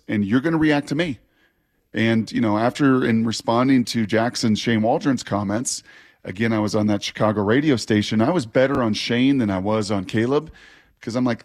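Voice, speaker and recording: Husky-voiced man rambling on sports radio. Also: mid-range voice. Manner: animated, rambling storyteller. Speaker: sports radio co-host, former player. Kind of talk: casual sports talk.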